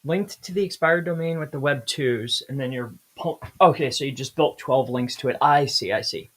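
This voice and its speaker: A man co-hosting a casual livestream, jumping in with quick questions and short reactions. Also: medium pitch, a bit bright.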